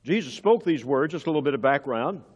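A middle-aged male pastor preaching from the pulpit with a slightly high voice. His delivery is earnest and emphatic, pressing hard on key words, and the sound rings with the long reverb of a big church hall. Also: lively intonation, quick pace, husky, muffled recording. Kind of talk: sermon. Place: church sanctuary.

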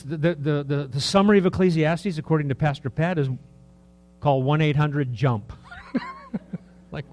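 A man in his early sixties preaches with a slightly high voice that swings widely between hushed asides and raised, emphatic lines. He talks in a loose, conversational way, piling up rhetorical questions. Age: 60s. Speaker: pastor. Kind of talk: sermon.

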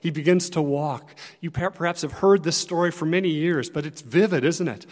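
A man preaching a sermon as pastor, earnest and conversational, rising and dropping in loudness to press his points. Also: on the high side, moderate pace, in a large hall.

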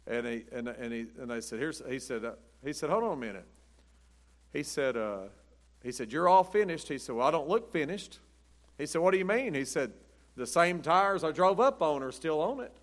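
A man's voice: medium pitch, animated, moderate pace, fairly bright tone. A middle-aged man preaching a chatty sermon, telling rambling stories and laughing at his own jokes. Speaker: pastor. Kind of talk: folksy storytelling sermon.

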